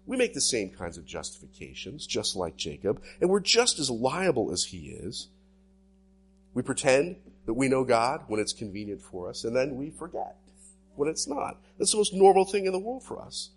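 A male pastor delivering a sermon in an animated preaching style with sweeping swings in pitch. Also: moderate pace, slightly rough, faint music behind.

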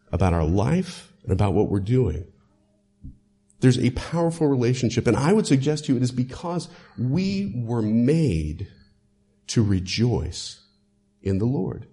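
Guy pastor preaching, mellow voice, really animated ups and downs, lots of uhs. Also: mid-range voice. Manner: lively, emphatic preaching with frequent "uh" fillers. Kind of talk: sermon.

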